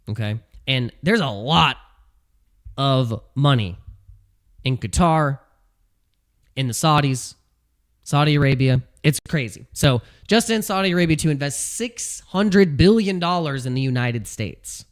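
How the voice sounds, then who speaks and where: A man giving casual commentary as a video host, animated and ranting, repeating phrases and laughing at his own jokes. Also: medium pitch, unhurried. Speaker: crypto YouTuber. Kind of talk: casual talking-head commentary.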